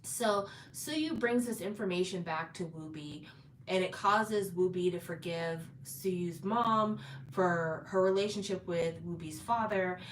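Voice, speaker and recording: A woman retelling a drama's plot in a chatty, casual way, with fillers and restarts. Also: on the low side. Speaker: drama recap host. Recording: roomy echo, distant from mic, faint background noise.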